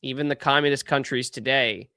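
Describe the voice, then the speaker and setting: A young man hosting a podcast, giving casual political commentary in an animated, incredulous way that keeps trailing off and restarting. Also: mid-range voice, fairly quick, smooth, dry recording, studio quality. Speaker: podcast host.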